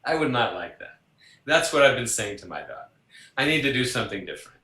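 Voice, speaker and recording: This psychologist guest talks fast in a mid-range voice, and the reverberant audio is poor. He tells personal stories in a chatty way, animatedly performing the voices he quotes and laughing along with them.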